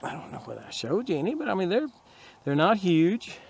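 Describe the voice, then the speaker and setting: High-pitched and wildly swooping, his voice moves fairly quickly with vocal fry and a slightly mellow quality, over slight background noise. The middle-aged Texan gardening vlogger rambles folksily while digging and showing his harvest, chuckling and a bit winded.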